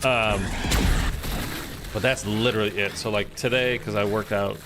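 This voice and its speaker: A man's voice: on the low side, steady tone, normal speed. A man streaming a game, chatting and rambling to his viewers. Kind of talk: casual gameplay chat. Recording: game noise behind the voice.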